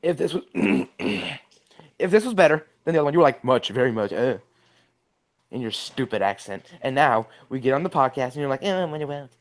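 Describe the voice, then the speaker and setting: A man's voice: mid-range voice, lively intonation, moderate pace. Young guy on the call, mid voice, blunt, jokey, swears a bunch. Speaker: podcast co-host. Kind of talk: casual chat.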